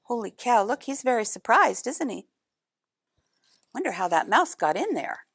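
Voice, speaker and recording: A woman reading a picture book aloud in an expressive way, adding chatty asides to young listeners. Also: a little high, unhurried, creaky, slightly rough. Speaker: storybook reader.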